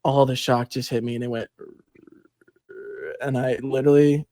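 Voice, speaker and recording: A young man hosting a podcast, telling a story in casual chat, animated and swearing, acting out quotes with big jumps in pitch. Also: normal speed, dry recording, clean studio sound. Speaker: podcast host.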